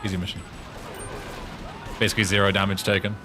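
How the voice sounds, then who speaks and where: A man's voice: sits low, little pitch movement, quick pace, background noise. Swearing British man streaming a game. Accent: British English. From Britain. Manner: swearing, laughing at his own attempts at tongue twisters. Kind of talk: casual gaming stream chat.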